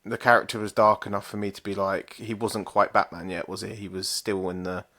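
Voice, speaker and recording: A man's voice: lowish voice, little pitch movement, a little fast, sharp tone, dry recording, clean studio sound. A man co-hosting a podcast in laid-back, sweary chat. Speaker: podcast co-host. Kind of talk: casual chat.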